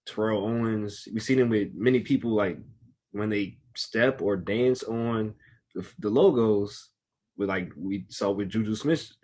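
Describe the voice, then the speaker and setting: Man, podcast co-host, casual chat, emphatic, low husky voice. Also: unhurried, darkish tone.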